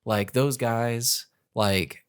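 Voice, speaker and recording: A man's voice: medium pitch, drawn-out words, smooth, no room sound, studio quality. A young man on a podcast, telling a story from his childhood in a loose, rambling way with lots of fillers and restarts. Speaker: podcast co-host. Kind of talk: casual storytelling.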